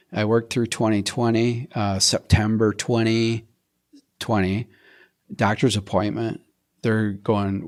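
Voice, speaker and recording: A middle-aged man telling his health story in an interview, animated, acting out his own quotes and often restarting sentences. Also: lowish voice.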